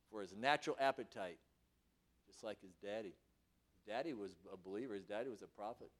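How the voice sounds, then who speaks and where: A man preaching a sermon, acting out scripture voices and swinging from quiet asides to loud, dramatic passages. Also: a little high.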